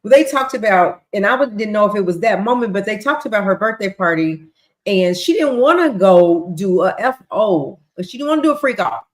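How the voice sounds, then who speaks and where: A woman hosting a livestream speaks fairly quickly at medium pitch with lively intonation. She chattily recaps court testimony, voicing quotes and ad-libbing as she goes, and the room has an echo.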